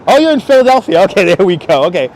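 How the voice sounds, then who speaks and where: A man's voice: high voice, sing-song, rapid-fire, a little mellow, a little hiss or hum. A man chatting casually with viewers while live-streaming as he walks city streets, greeting them by name and joking. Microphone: wireless clip-on mic.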